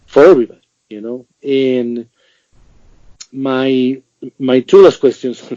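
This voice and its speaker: A man's voice: medium pitch, slow, warm tone, no echo. Friendly man hosting a podcast interview. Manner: friendly and appreciative, laughs lightly. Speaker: podcast host. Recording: dull lo-fi sound, dry.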